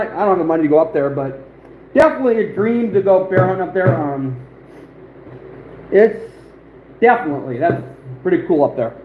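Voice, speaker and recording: A man's voice: sits high, lo-fi sound. A man hosting an outdoors livestream, chatting casually and rambling with many fillers as he talks to viewers. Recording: roomy echo, faint background noise.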